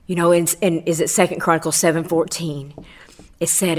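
A woman's voice: low-pitched, level tone, brisk, a little hiss or hum. A middle-aged woman giving a fervent spoken testimony on a radio program, quoting scripture and swelling on key phrases.

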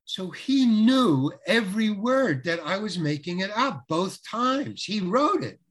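Speaking unhurriedly in a high, husky voice, an actor shares a spirited interview anecdote. He repeats himself and acts out each person he quotes.

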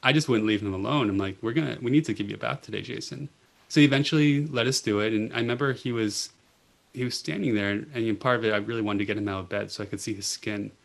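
Gravelly-voiced man telling nurse stories. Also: fairly low pitch, fast talker. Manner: earnest, gentle, with frequent "you know" and restarts. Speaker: pediatric oncology nurse and author, guest. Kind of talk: reflective storytelling in a podcast interview.

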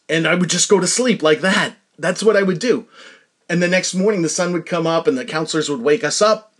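A man's voice: on the high side, a bit bright. A middle-aged man, a podcast host, tells a long rambling story about his childhood in a casual, self-deprecating way, laughing often.

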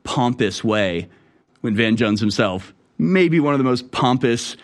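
A man's voice: medium pitch, animated, unhurried. Guy doing a sarcastic rant, mid voice, mocks people a lot. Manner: sarcastic, mocking impressions in raised voice. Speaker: commentator. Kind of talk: political commentary monologue.

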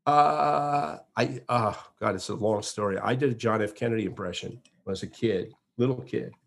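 Male guest, 60s, from Florida, animated storyteller. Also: fairly low pitch, normal speed, creaky. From Florida, USA. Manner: animated storyteller with frequent restarts. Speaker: guest, entertainer. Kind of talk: interview conversation.

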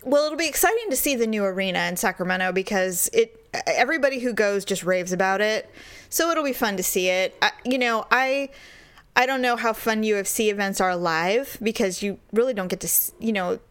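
A woman co-hosting a casual chat, telling stories in an animated way and acting out the voices of people she quotes. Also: mid-range voice, brisk, smooth. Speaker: podcast co-host.

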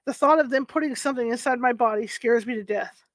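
A woman's voice: fairly high pitch, fast talker, no echo, lightly acted. A woman voicing a worried young mother who speaks earnestly and pleadingly, in a storybook reading. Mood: anxious.

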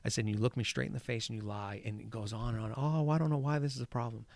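A man telling a story in casual conversation. He swears often and acts out the lines he shouted. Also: medium pitch, quick pace, no room sound, studio quality. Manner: profane, animated, acts out shouted quotes. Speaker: golf course superintendent.

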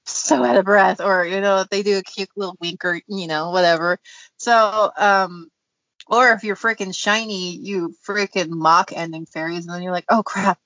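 A woman's voice: lowish voice, fairly even intonation, normal speed, pushed and bright, no echo. A chatty woman co-hosts a podcast, laughing often as she talks. Her speech is loose and full of fillers. The recording is dry and a little muffled. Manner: giggly, chatty, lots of fillers. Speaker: podcast co-host. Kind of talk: casual chat.

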